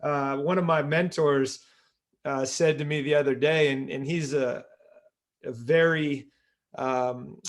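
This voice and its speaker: Reflective man hosting, slightly high voice. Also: slow. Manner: reflective, sums up points, steady backchannels. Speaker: podcast host and coach. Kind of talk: conversational interview.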